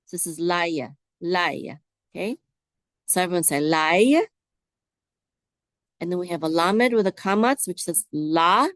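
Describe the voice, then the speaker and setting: A woman with a slightly low voice teaches biblical Hebrew at a very unhurried pace. She draws out each syllable and asks her listeners to repeat after her. The sound is dry and close. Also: fairly bright tone, no room sound. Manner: slow, drawn-out repetition, prompting listeners to say words back. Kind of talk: slow, patient word-by-word Hebrew lesson.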